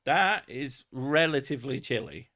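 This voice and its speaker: An English man hosts a loose live-stream chat, talking at an unhurried, drawn-out pace. He swears casually and breaks into laughter as he wanders from one thought to the next. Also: mid-range voice, lively intonation, pushed and bright. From England.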